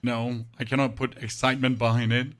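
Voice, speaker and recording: A hoarse-voiced man chats casually with his stream audience while playing. His voice is worn nearly away and sits at an ordinary, mid-range pitch. He speaks in a flat, unemphatic monotone. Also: a little fast. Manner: talks to chat with frequent "right?". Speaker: game streamer.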